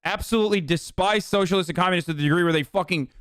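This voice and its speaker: A man's voice: sits high, rapid-fire, fairly bright tone, clean tone, no echo, clean studio sound. A man streaming a casual reaction commentary, blunt and profane, with scornful laughs.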